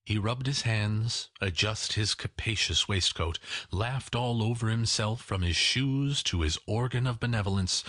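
Male audiobook narrator, low husky voice, slow, lively pitch, dry close mic. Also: dry recording. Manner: unhurried, expressive reading. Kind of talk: scripted narration of a classic story.

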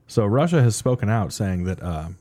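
A man's voice: fairly low pitch, big pitch swings, moderate pace, dark tone, no echo. A man hosting a casual podcast chat, reading out news items, joking and swearing freely.

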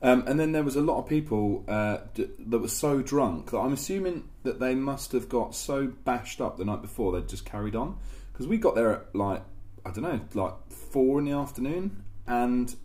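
A man in his thirties from England, chatting casually and swearing as he tells animated stories with put-on voices. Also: medium pitch, normal speed. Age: 30s. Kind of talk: casual chat.

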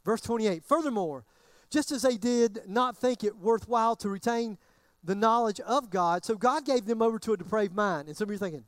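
A man's voice: high-pitched, a little fast, hardly any pauses, dry recording. A man preaching a sermon in a casual, conversational way, often acting out what his listeners might be thinking. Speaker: pastor.

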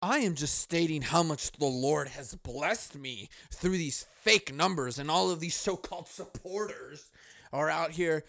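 A man doing a brief impression of a self-important male billionaire celebrity, speaking in a slow, aggrieved, grandiose way. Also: on the high side, creaky, a bit bright, no room sound, clean studio sound.

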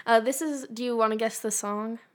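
A woman's voice: fairly high pitch, steady tone, a little fast. Wry woman hosting a podcast chat. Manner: wry, sets up segments, reads lyrics aloud. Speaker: podcast co-host. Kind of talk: casual chat.

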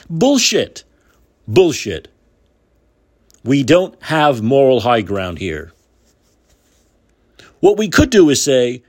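Indignant husky man ranting. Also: sits high, big pitch swings, a little slow, long pauses. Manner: heated, indignant ranting with repeated phrases. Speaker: podcast host. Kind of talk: solo political commentary.

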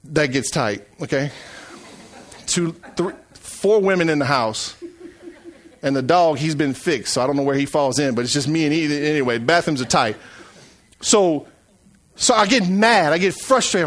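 A middle-aged man preaching a sermon as pastor, swinging from hushed asides to loud, shouted calls. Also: on the high side, animated, moderate pace.

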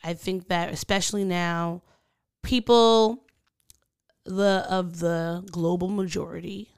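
A woman's voice: lowish voice, steady tone, slow, smooth, no echo, studio quality. Earnest woman co-hosting a podcast. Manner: earnest, thoughtful, with many fillers. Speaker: podcast co-host. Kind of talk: casual podcast chat.

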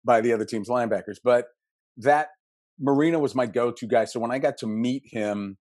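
A man from Western Pennsylvania in his fifties with a Pittsburgh accent, a podcast guest telling animated, jokey stories. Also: mid-range voice, no room sound, studio quality. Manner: animated storyteller, jokey, quick asides. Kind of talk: casual podcast interview.

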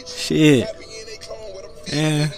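A man's voice: on the high side, flat delivery, extremely slow, creaky. An American man in his thirties hosting a casual solo podcast, rambling loosely, laughing often and cussing freely. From United States. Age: 30s. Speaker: podcast host. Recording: music playing loudly behind. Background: music.

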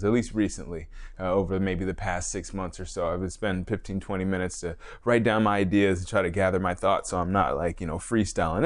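Low-voiced man rambling on his podcast. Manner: rambling, self-correcting, chuckles often. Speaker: podcast host, fitness trainer. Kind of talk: casual solo podcast monologue.

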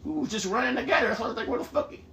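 A man streaming a game live, commenting loudly and profanely and trash-talking his teammates in excited bursts. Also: very high-pitched, racing, creaky, roomy sound, slight background noise.

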